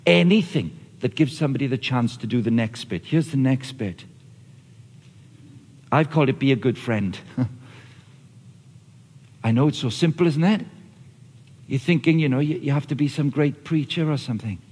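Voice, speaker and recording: Male preacher, lively conversational delivery, middle pitch, echoing hall sound. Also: normal speed, pauses often, breathy edge. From Australia or Britain, not the audience's country. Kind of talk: sermon. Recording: long reverb of a large hall.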